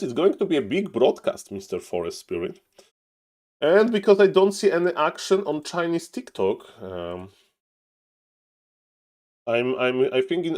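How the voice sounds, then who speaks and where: A man with a Polish accent and Polish as his first language, commentating a strategy game live and chatting with viewers, excitable, with bursts of mock outrage and frequent laughs. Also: mid-range voice. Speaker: game caster and streamer. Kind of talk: live esports commentary and chat.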